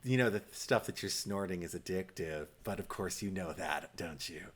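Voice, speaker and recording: A man voicing a nosy, preachy woman passenger on a plane, speaking in a low, hushed, insinuating tone. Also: moderate pace, slight background noise, natural voice.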